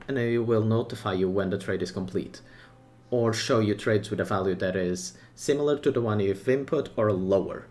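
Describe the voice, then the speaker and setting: Pitched fairly low, a male gaming content creator chats casually about a game update. His delivery comes in short, excited bursts, peppered with his own takes and asides.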